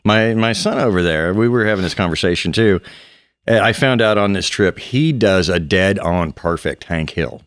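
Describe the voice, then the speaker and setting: A man's voice: low voice, normal speed, a bit bright, dry recording. A middle-aged man, a comedian guest, rambling through funny stories in casual podcast chat from a small studio. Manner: rambling storyteller, laughs at own tales.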